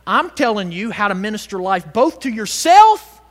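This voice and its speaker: Preacher, male: high, bright voice, animated, rallies the congregation, reverberant church hall. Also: normal speed. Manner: animated, swings from loud exhortation to hushed tones; calls on the congregation to respond. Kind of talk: sermon.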